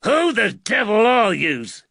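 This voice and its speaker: A man voicing a big, belligerent thug with a Liverpool accent who shouts his challenges. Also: high voice, wildly swooping pitch, slow, vocal fry, no echo, pitched above the performer's own voice, heavily acted. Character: big gruff Liverpool thug, hostile and brash.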